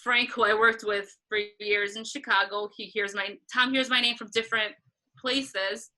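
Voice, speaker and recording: A woman concert photographer telling a story in a casual interview, animated and acting out what others said, laughing often. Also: medium pitch, normal speed, low-quality recording. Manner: animated, acts out quoted voices, laughs often.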